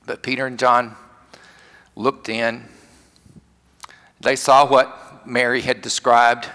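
A man's voice: mid-range voice, little pitch movement, slow pace, sharp tone, in a large hall. A man with a Southern US accent preaching a sermon, telling a story with emphatic repetition. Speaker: pastor.

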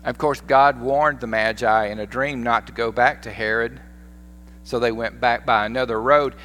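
A man with a Southern American accent, a pastor giving a sermon in a folksy, animated storytelling manner. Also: mid-range voice, moderate pace. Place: church sanctuary. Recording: echoey church hall with faint hum.

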